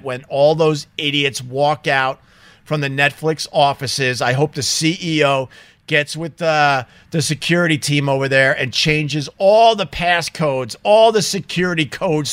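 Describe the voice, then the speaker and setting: Ranting male vlogger, high bright voice, dry close sound, indignant and emphatic. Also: clean tone, no room sound. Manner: indignant, emphatic, swears freely. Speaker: vlogger telling a story. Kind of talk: casual ranting monologue. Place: small home studio.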